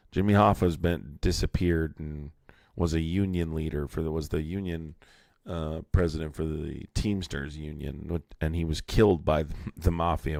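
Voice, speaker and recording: A hoarse man hosting a live stream, talking bluntly and with a lot of swearing. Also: a bass voice, dry recording, studio quality. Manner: blunt and profane. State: hoarse, sore throat.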